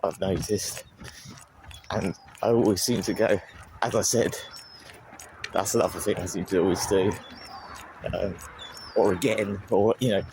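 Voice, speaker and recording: Young guy talking into his phone outdoors, low voice, bit gravelly, chatty and self-deprecating. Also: warm tone, a little hiss or hum. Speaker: vlogger. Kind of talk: casual vlog talk to phone while running. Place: outdoors by the sea. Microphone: handheld phone.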